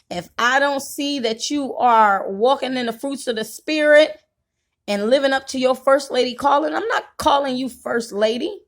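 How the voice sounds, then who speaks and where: A woman with a high, fairly bright voice pours out her feelings in a YouTube vlog. She rants passionately, cadenced like a preacher, and breaks into tears now and again.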